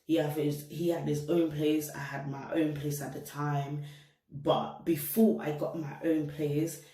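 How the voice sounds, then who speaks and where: A young woman laced talks straight to her viewers, animated and full of street talk as she tells her story. Her voice is mellow and warm, recorded in an echoey room a little way from the mic. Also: deep voice, measured pace, recorded from a distance. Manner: animated, slangy, addresses viewers directly. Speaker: vlogger. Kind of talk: casual storytime monologue. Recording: roomy echo, set back from mic.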